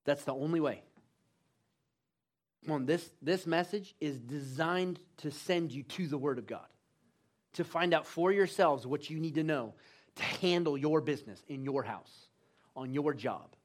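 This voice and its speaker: A man's voice: fairly high pitch, measured pace. A man preaching a sermon in a church, emphatic and full of call-and-response urging.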